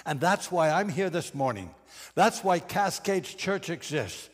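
A male pastor delivering a sermon in a high, animated voice that swings widely in pitch. He slows down and presses on the key phrases with emphatic, deliberate preaching. His voice trails off into a long reverb. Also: husky.

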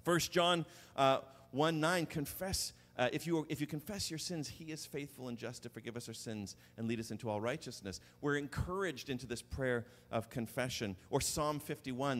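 Animated male preacher in a reverberant hall. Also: medium pitch, normal speed. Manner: animated storytelling, acting out biblical dialogue. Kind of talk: sermon.

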